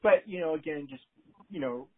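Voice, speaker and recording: A man's voice: fairly high pitch, expressive. A man with a New England accent, a theater director chatting casually as a guest, often restarting his sentences. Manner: halting, many restarts and fillers. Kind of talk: casual conversation. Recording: phone-like line.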